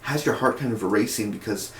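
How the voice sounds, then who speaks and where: A man's voice: lowish voice, a little fast. A man reviewing a TV episode in a casual video, rambling, repeating words and correcting himself as he goes. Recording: echoey room with faint noise.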